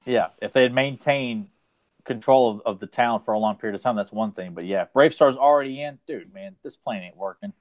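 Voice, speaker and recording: A podcast co-host talks in casual chat, rambling with lots of restarts and filler words. His medium-pitched voice is brisk and a bit dark in tone, with no echo on the recording.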